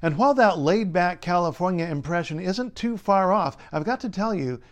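A man's voice: high voice, animated, normal speed. Wry man explaining accents. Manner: clear, wry, lightly humorous delivery. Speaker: linguist and writer. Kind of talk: scripted explainer narration.

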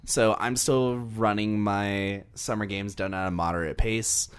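Deep-voiced man in casual podcast chat. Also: fairly even intonation, unhurried, smooth. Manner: rambling, gets sidetracked mid-thought. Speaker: podcast co-host.

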